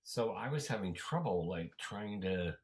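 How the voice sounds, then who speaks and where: A man hosting a casual conversation, speaking haltingly with many fillers. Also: lowish voice, animated, poor audio. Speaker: host. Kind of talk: casual chat.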